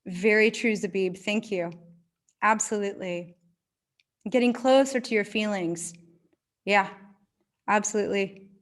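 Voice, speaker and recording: A woman's voice: medium pitch, steady tone, a little slow, long pauses. A woman hosting an online event on a video call, affirming speakers with short praise words. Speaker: event host.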